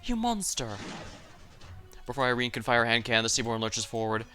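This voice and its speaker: A man's voice: medium pitch, completely flat delivery, rapid-fire, sharp tone, faint music behind. A tired man with a dry throat, streaming a dramatic reading of a game story and chatting casually between scenes.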